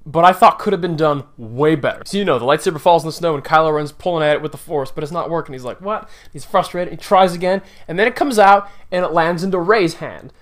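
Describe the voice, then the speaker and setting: A man's voice: on the high side, quick pace, hardly any pauses. A man giving a casual, opinionated movie review, ranting with sarcasm as he picks apart scenes. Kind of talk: casual spoiler review rant.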